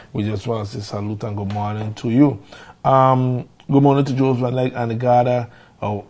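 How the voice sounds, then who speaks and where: A man hosts a live morning show in a casual, upbeat way. He tosses out greetings and local slang between news items. His voice sits at a middle pitch. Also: darkish tone. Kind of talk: casual radio-style morning show talk.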